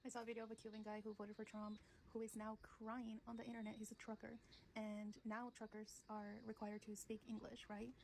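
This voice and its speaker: A woman's voice: medium pitch, completely flat delivery, fairly quick, background noise. A woman ranting bluntly in a casual vlog, profane and sarcastic.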